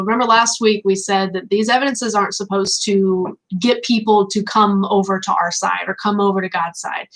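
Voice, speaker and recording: A woman speaks earnestly in a casual discussion, explaining at length with frequent fillers. Her voice sits at a middle pitch. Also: a bit bright, rough recording. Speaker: teaching pastor.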